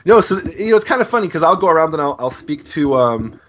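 A man's voice: fairly high pitch, very animated, quick pace, fairly bright tone, slight background noise. A man who teaches about the Bible talking in a casual discussion, earnest and stammering, often repeating words as he thinks aloud. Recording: muffled lo-fi audio.

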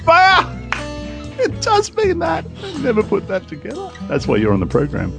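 A man's voice: very high voice, wildly swooping pitch, moderate pace, creaky, over music. A man hosting a podcast in casual, chatty talk, often laughing. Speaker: podcast host.

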